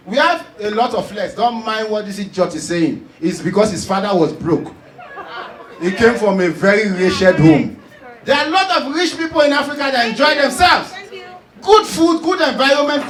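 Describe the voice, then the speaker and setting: Nigerian male stand-up comic, very high pitched, loud and animated, recorded from a distance in a roomy space. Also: a little hiss or hum. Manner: animated, loud storytelling with laughs and shouts. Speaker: stand-up comedian. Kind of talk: stand-up comedy.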